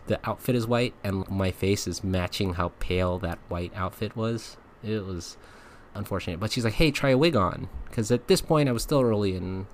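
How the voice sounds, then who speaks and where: A man's voice: fairly low pitch, darkish tone, slight background noise. A man, a podcast host, casually telling a personal story, laughing often and acting out the lines people said. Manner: chatty, laughs often, acts out quotes.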